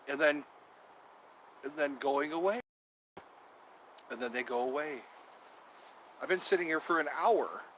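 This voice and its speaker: Streaming live on his phone outdoors in the cold, a man with a slightly high, sharp voice rambles and repeats himself to viewers. The low-quality recording has a bit of background noise.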